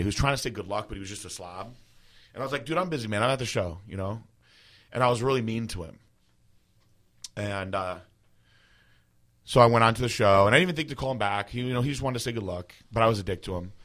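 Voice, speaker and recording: With a very low but fairly bright voice, a man in his thirties loosely recounts a long personal story as a podcast host. His casual delivery rambles, packed with fillers and restarts.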